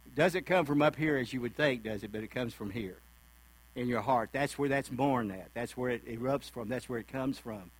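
A man's voice: mid-range voice, moderate pace, poor audio. A male preacher giving a sermon in a folksy, conversational way, acting out the voices of people he quotes.

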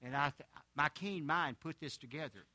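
Older pastor telling a folksy sermon story. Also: male voice, fairly high pitch, normal speed, sharp tone. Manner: homespun storyteller, chuckling asides.

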